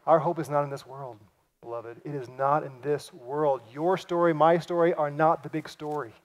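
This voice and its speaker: A man preaching a sermon, acting out quoted lines and swinging from loud cries to hushed, near-whispered passages. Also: fairly high pitch, moderate pace. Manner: acts out quoted lines in lively voices. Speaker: pastor.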